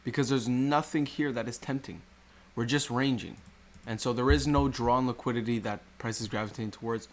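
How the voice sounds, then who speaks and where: A man's voice: medium pitch, steady tone, fairly quick, hardly any pauses. A man teaching trading over a chart walkthrough, asking rhetorical questions and repeating key points. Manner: rhetorical questions, repetitive explaining. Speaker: trading educator. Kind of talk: screen-recorded chart walkthrough.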